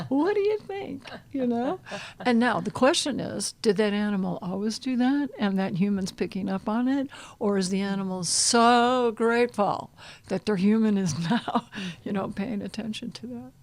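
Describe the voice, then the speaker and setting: A middle-aged woman with a noticeably gravelly, fry-laden voice at an ordinary pitch. She talks gently and patiently as a guest, easing into hushed, breathy near-whispers when leading listeners through an exercise. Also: normal speed. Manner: soft, guiding, drops to a hushed near-whisper at times. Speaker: animal communication counselor, guest. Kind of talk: conversational podcast interview.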